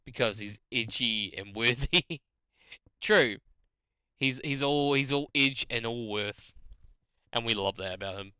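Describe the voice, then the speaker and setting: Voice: medium pitch, slow pace, long pauses, sharp tone, clean tone, no room sound. A young adult streamer with a New Zealand accent, chatting with a giggly, rambling manner while reading game text aloud. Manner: giggly, rambling and self-mocking.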